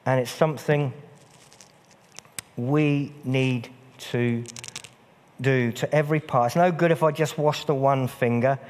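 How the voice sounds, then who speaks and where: A man's voice: medium pitch, steady tone, measured pace, pauses often, darkish tone, a little hiss or hum. A man preaching a sermon in a church, earnest and repeating phrases for emphasis. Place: church hall. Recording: long church reverb.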